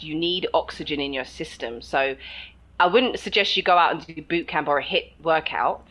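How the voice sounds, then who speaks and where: A woman's voice: sits low, normal speed, a bit bright, poor audio. A woman co-hosting a podcast, chatting casually and animatedly, often laughing and acting out quoted voices. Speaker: podcast co-host. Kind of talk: casual chat.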